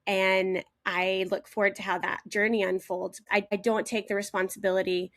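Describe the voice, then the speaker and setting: A woman's voice: mid-range voice, flat delivery, moderate pace, fairly bright tone, no room sound, studio quality. A middle-aged woman talking earnestly and reflectively about raising three sons on a podcast. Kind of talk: emotional podcast conversation.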